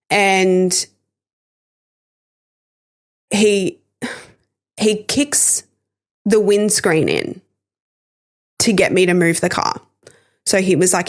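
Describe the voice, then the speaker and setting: Candid woman telling a painful story. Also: fairly low pitch. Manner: candid, emotional, swears and apologizes for it. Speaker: podcast host sharing her story. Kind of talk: personal storytelling.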